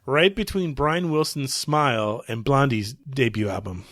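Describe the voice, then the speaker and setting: A man's voice: medium pitch, unhurried, a bit bright, dry recording, clean studio sound. A man co-hosting a podcast in playful, joking banter, his voice a little wheezy. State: slightly wheezy. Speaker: podcast co-host. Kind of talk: casual chat.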